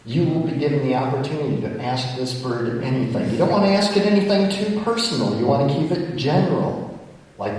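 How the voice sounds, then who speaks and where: A man working as a stage hypnotist, giving playful, commanding suggestions and slowing into soothing instructions. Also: mid-range voice, animated, darkish tone. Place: large hall stage. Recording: distant echoey hall recording.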